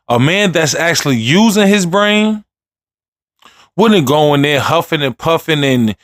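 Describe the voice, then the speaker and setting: Slow-talking man with dry sound. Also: on the high side, no room sound. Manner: laid-back, joking, laughs often. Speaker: reaction host. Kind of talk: comedic reaction commentary.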